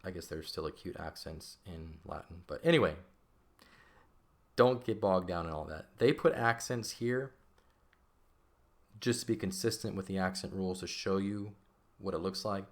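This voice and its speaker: A man teaching a grammar lesson over a shared screen, relaxed and conversational, often checking in with "right?". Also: sits low, moderate pace, long pauses. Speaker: Latin teacher.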